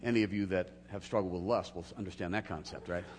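A man preaching a sermon as pastor, telling a story and acting out the dialogue, swinging from hushed to loud. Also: low-pitched, fairly even intonation, quick pace, in a large hall, background noise.

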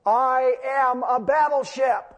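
A man voicing an indignant, commanding navy captain who shouts orders over the radio. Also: very high voice, slow pace, in a large hall, voice pushed up, exaggerated voice.

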